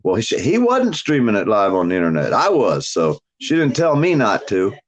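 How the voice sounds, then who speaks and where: A man's voice: fairly low pitch, huge pitch swings, normal speed. A man ranting bluntly on a casual livestream, swearing heavily and mocking people. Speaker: livestream host. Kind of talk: profane casual livestream chat.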